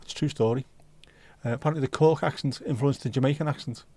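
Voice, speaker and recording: A man hosts a relaxed livestream, rambling through viewer comments and swearing casually. His voice sits at an ordinary middle pitch. The sound is close and dry, with no room echo. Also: fast talker. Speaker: livestream host.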